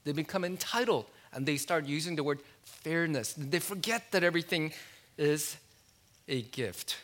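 A man preaching a sermon in a conversational way, asking his listeners questions and dropping low and quiet on key words. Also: moderate pace. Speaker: pastor.

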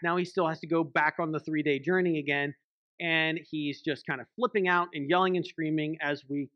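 A man's voice: fairly high pitch, dry recording, dull audio. A man, a church elder, preaching a sermon in a conversational way, often checking in with the congregation by asking "right?". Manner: conversational, frequent "right?" tag questions.

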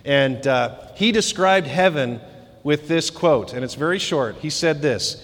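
A man's voice: fairly high pitch, expressive, unhurried, a bit bright. A man preaching a sermon as pastor, conversational, with joking asides and repeated phrases. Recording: long hall reverb.

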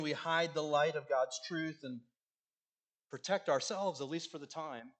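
Male pastor, sermon delivery, slightly high voice, earnest, loud and then hushed. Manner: earnest preaching, swinging between loud emphasis and hushed endings.

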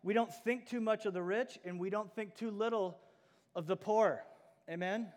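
A man's voice: high voice, normal speed, a little mellow, long reverb tail. A man preaching a sermon as pastor, earnest and emphatic. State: out of breath.

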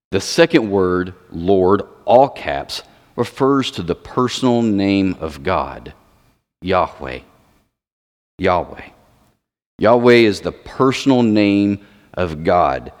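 Deep guy preaching, keeps asking the crowd stuff, big echoey hall. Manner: explanatory, asks the audience questions. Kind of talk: sermon. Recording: long hall reverb.

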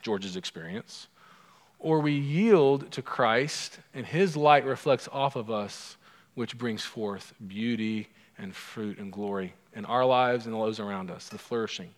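A male pastor at a mid pitch preaches in a relaxed, conversational way, slipping humorous stories into his sermon. His voice rings out with a long reverb, as if he is speaking in a large church sanctuary.

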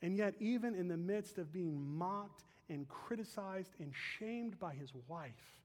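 A man delivers an earnest, emphatic sermon to his congregation, his voice sitting noticeably high. The sound rings out through a large church space with a long reverb tail. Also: expressive, unhurried, darkish tone. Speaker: pastor. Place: church sanctuary.

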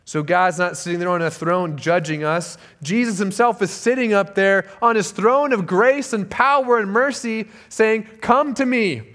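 A man's voice: high voice, fairly even intonation, normal speed, hardly any pauses, a bit bright. A man preaching a sermon as pastor, earnest and emphatic, often repeating key phrases for weight.

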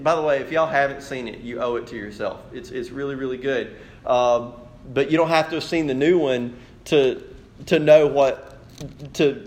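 A young adult man preaching a sermon to a congregation, telling stories in an animated way and asking the listeners questions directly. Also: fairly high pitch. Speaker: pastor.

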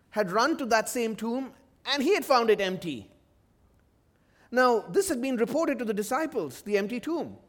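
A male pastor preaching a sermon, expressive and acting out voices from the story. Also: high voice. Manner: expressive, acts out the disciples' voices.

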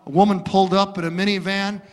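High-voiced impassioned man preaching. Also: little pitch movement, fast. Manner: impassioned preaching with acted-out stories. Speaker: pastor. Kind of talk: sermon. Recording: long reverb of a large hall.

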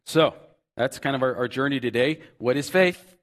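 At a moderate pace, this male pastor preaches with earnest repetition. His delivery climbs to loud emphasis and falls back to soft, low side remarks.

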